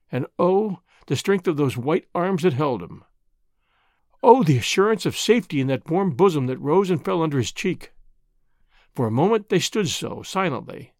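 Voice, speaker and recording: Man reading an audiobook, lively voice with a big pitch range, dry close sound. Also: dry recording. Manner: expressive, measured storytelling. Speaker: narrator. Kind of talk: audiobook narration.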